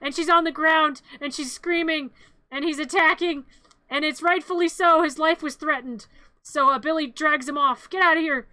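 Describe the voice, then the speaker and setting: A streamer, heard as a woman, recapping a movie in a rambling, playful way with quick jokey asides. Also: sits high, fairly even intonation, pushed and bright, no echo. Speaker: vtuber streamer. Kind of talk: comedic movie recap with silly voices.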